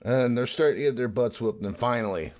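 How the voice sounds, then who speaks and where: Animated man podcaster recapping scenes. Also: medium pitch, brisk. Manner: animated, acts out quoted lines in voices. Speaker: podcast co-host. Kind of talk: casual chat.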